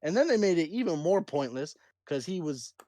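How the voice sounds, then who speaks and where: A man's voice: on the high side, sing-song, normal speed, warm tone, no echo. A man co-hosting a podcast, chiming in with offhand, joking asides. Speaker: podcast co-host. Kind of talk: casual chat.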